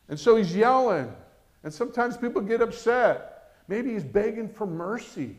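A man preaching a sermon as pastor, animated and acting out quoted voices. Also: sits high, moderate pace.

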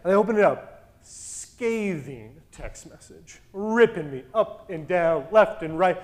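A man in his thirties casually telling a story as a podcast co-host, animated and acting out the dialogue in a loud voice that carries. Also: high voice, a little slow. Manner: animated, acts out quoted dialogue.

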